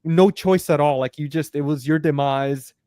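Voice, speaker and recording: A podcast host in casual chat, asking questions haltingly with many fillers. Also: male voice, fairly high pitch, dark tone, clear, resonant tone, dry recording, studio quality.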